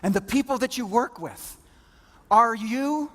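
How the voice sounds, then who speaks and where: A man giving a storytelling keynote to a conference audience, dramatic, swinging from whispers to loud bursts. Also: very high voice, expressive, measured pace, in a large hall. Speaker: motivational keynote speaker.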